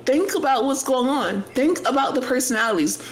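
A man co-hosting a podcast, telling stories in an animated, chatty way with quick asides. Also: very high voice, a little hiss or hum, poor audio. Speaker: podcast co-host. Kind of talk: casual chat.

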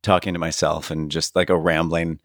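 A man's voice: low voice, level tone, normal speed, no room sound. A man co-hosting a podcast, telling stories in a laid-back, dry way. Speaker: podcast co-host. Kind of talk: casual chat.

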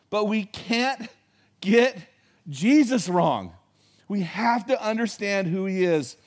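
A pastor preaching a sermon in a conversational, folksy storytelling way, hitting key words with emphasis. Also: male voice, high-pitched.

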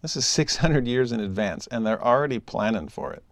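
Captured close up with no room sound, a man briskly delivers a scripture lesson in a mid-pitched voice. He speaks with emphasis, lowering into soft side remarks and then building to raised exclamations.

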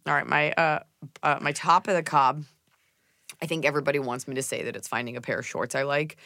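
A young woman co-hosting a podcast, chatting casually in a blunt, sarcastic way with quick asides. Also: deep voice, steady tone, fairly bright tone, faint music behind. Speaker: podcast co-host. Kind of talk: casual chat.

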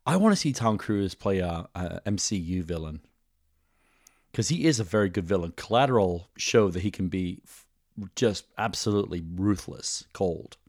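A man's voice: deep voice, expressive, normal speed, a little mellow. A man hosting a podcast, chatting casually and enthusiastically, rambling with many restarts. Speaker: podcast host. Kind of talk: casual chat.

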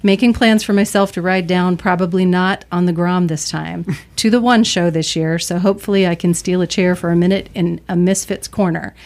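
A woman's voice: lowish voice, fairly even intonation, normal speed, few pauses, darkish tone, lightly acted. A woman voicing a gushing female Canadian listener in a put-on French Canadian accent, laughing through her reading. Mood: fond. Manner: giggly, breaks into laughter.

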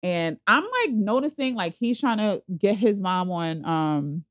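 Animated slangy woman telling a story. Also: mid-range voice, unhurried, no echo, clean studio sound. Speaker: guest telling her proposal story. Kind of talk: casual podcast chat.

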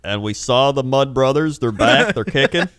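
A man's voice: mid-range voice, lively intonation, normal speed, a bit bright, no echo, studio quality. A young man chatting casually on a podcast, telling stories with laughs and acting out the people in them. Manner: laughing storyteller, acts out quoted people. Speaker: podcast co-host. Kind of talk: casual chat.

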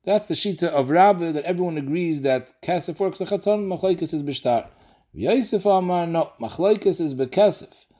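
A man teaching a daily Talmud class, explaining quickly and mixing in Aramaic and Yiddish terms. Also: a little high, expressive, mellow.

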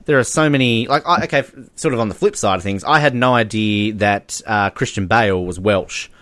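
An Australian man co-hosting a casual film chat, animated and quick to laugh. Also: lowish voice, no room sound. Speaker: podcast co-host.

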